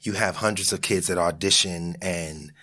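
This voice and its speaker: Man, podcast guest, lowish voice, easygoing storytelling. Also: fairly even intonation, normal speed, pushed and bright. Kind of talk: casual chat.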